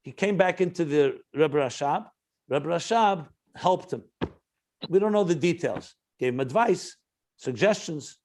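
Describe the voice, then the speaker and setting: A rabbi giving a spoken Torah class, his voice a little higher than most men's. He talks earnestly, weaves stories into the teaching, and often restarts his sentences as he thinks aloud. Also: animated, measured pace, a little mellow, slight background noise. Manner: earnest, storytelling, frequent restarts.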